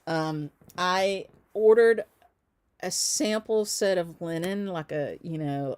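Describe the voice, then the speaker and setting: Chatty Southern woman, low warm voice. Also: no room sound. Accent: Southern US, softened by travel. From Southern United States. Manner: chatty and upbeat, with frequent ums and little laughs. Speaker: shop owner hosting a live stream. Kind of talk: casual live-stream chat.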